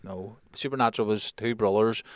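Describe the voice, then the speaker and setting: A man, co-hosting a podcast in a relaxed, chatty way. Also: lowish voice, a little fast, no room sound, clean studio sound. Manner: relaxed, chatty, laughs along. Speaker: podcast co-host. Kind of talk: casual chat.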